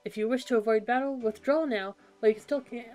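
A woman's voice: on the high side, fast, darkish tone, close to an everyday voice. A woman voicing a boastful young boy warden in a game, grandiose and self-assured, over game music. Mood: stern. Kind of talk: reading game dialogue aloud.

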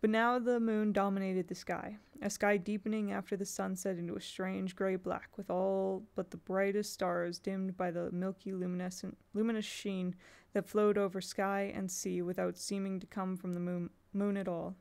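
A woman's voice: mid-range voice, little pitch movement, moderate pace, gravelly, few pauses, darkish tone. A woman reading a novel aloud in a casual way, now and then stopping to correct herself. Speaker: audiobook reader.

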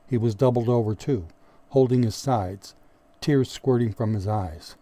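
A man reads an audiobook in a steady, measured manner. His voice is mellow and dark, at an ordinary male pitch. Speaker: audiobook narrator. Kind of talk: scripted narration.

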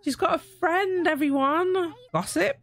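A woman giving chatty, excitable let's play commentary, talking to her game characters and to viewers. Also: extremely high pitch, a little slow. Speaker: gaming YouTuber.

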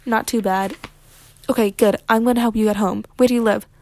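A spunky, curious little girl, voiced by a woman reading aloud. She speaks quickly and on impulse in a high voice. The recording is dry and close. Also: fairly even intonation, darkish tone, no echo, lightly acted. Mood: eager. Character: bold curious young girl.

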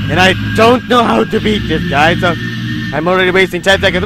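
Excitable high-voiced man playing a horror game. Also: a little slow, long pauses, over loud music. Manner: theatrical, excitable, prone to shouting. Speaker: let's play gamer.

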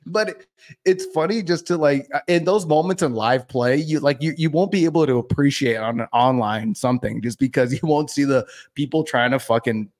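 A man's voice: mid-range voice, moderate pace, a little mellow. A man hosting a podcast, telling a card-table story in loose, profane casual chat that is full of laughter. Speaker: podcast host.

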